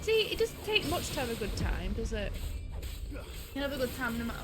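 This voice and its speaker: A woman chatting casually on a live stream, giggly and animated, swearing freely as she tells stories. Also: on the high side, a little fast, music in the background. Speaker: streamer's wife, co-host.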